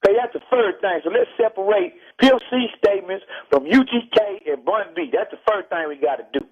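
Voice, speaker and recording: A man from Texas, lecturing forcefully and bluntly in a heated radio interview. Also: sits high, fairly quick, slightly rough. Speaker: rapper interviewed by phone. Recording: muffled archival phone call.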